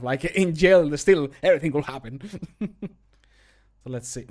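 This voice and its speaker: A man's voice: on the high side, moderate pace. A young man whose first language is Spanish, chatting casually on a live stream while recording voice lines at home; he rambles, mocks himself and laughs often. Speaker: streamer and voice actor.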